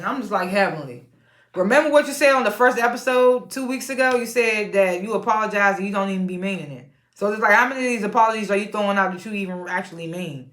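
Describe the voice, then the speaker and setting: A woman's voice: medium pitch, fairly quick, fairly bright tone, roomy sound. A woman casually recapping a reality show episode, chatty, laughing often and retelling scenes in quoted voices.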